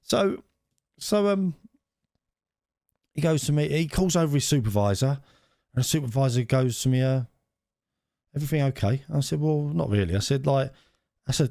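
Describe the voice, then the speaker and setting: Animated man telling a story. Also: medium pitch, moderate pace, creaky, pauses often, dry recording, clean studio sound. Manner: animated storyteller, repeats and restarts phrases. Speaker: podcast co-host. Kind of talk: casual chat.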